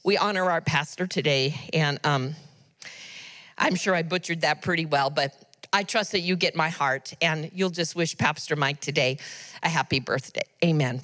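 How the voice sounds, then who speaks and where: A woman's voice: low-pitched, normal speed, a bit bright. A middle-aged woman giving church announcements from the pulpit, chatty and earnest, with frequent ums and asides. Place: church sanctuary. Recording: long reverb of a church hall.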